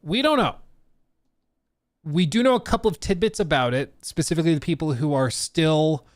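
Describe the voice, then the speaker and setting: A man's voice: a little high, moderate pace, no echo, clean studio sound. A man hosting a live stream, chatting casually and laughing often. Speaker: streamer host.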